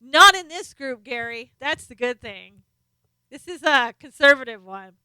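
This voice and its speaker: A woman's voice: sits high, animated, measured pace, sharp tone, clean tone, no echo. A middle-aged woman hosting a casual live stream, chatting as she reads out viewers' names and comments, sometimes turned away from her desk mic. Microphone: desk microphone, sometimes off-axis.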